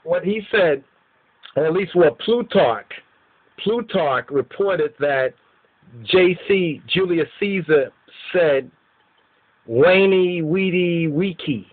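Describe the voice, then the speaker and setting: A man's voice: fairly high pitch, lively intonation, slow, slightly rough. Lecturing man, tinny phone-like sound. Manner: repetitive, asks "you understand?" and "right?" often. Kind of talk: informal lecture.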